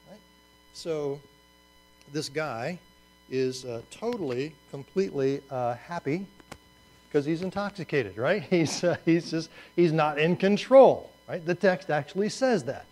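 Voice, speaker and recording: A man's voice: fairly high pitch, animated, measured pace, warm tone, low-quality recording. A man teaching a Bible class in a conversational way, asking rhetorical questions and adding asides.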